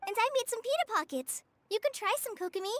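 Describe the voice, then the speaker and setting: Casting: a bubbly young game girl, very high and bouncy, eager. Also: animated, quick pace, no room sound. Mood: cheerful. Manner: bright, chirpy and eager.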